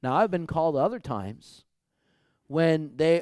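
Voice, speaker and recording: A man, a pastor, preaching a sermon and telling a story, dropping to a hush and then rising loud and high. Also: lively intonation, a little slow, no room sound, studio quality. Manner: storytelling with big swings from hushed to loud.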